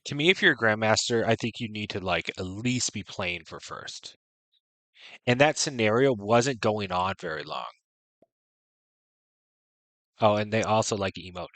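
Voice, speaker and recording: A man's voice: lowish voice, animated, measured pace, pauses often, fairly bright tone, no echo. A man streaming a strategy game, giving frank, chatty commentary full of "right?" and "you know". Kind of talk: casual gameplay commentary.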